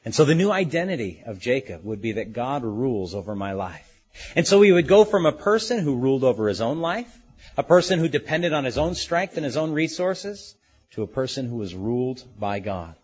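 A man preaching a sermon in a husky, slightly breathy voice, earnest and deliberate. He lingers on key words and lets them settle. The recording sounds dull and lo-fi. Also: medium pitch, sing-song, a little mellow. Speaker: pastor. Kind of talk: expository sermon.

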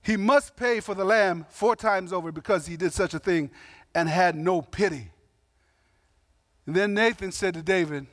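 A man with a high-pitched voice delivers a sermon in a relaxed, conversational way, mixing emphatic points with slangy asides and acted-out quotes. The sound is dry and close, with no room echo. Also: normal speed. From Samoan heritage. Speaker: pastor.

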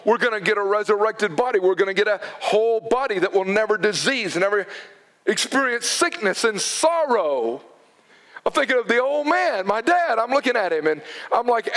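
Pastor, middle-aged man, a very high voice for a man, preaching with fervour and sudden emphatic bursts. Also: a bit bright. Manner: fervent, conversational preaching with emphatic outbursts. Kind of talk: sermon.

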